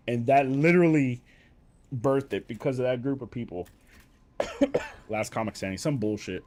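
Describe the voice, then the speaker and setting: A man's voice: mid-range voice, moderate pace, pauses often, darkish tone. A tired young man rambling profanely in a casual late-night monologue, full of fillers, restarts and coughs. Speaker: streamer.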